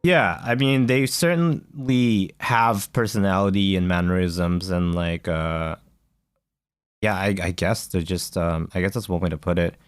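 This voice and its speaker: A man's voice: deep voice, a little slow, smooth, dry recording, studio quality. A man co-hosting a podcast in casual chat, rambling with many fillers and restarts. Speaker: podcast co-host.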